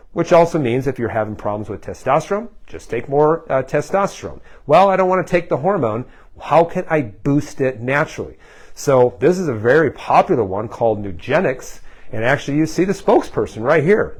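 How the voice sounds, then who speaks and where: A male health practitioner explaining things to camera in a loose, conversational way. He uses plenty of fillers and keeps calling his viewers "guys.". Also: medium pitch.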